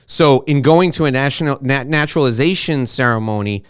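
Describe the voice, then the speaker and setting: A middle-aged American man hosting an interview, chatty and openly emotional, talking in quick asides with frequent restarts. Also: medium pitch, smooth, no echo, clean studio sound. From United States. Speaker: podcast host and interviewer. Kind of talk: casual interview conversation.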